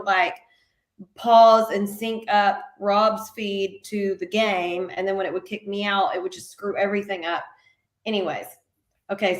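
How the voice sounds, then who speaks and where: A woman co-hosting a casual sports podcast, telling stories in an animated way. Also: medium pitch, reverberant. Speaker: podcast co-host.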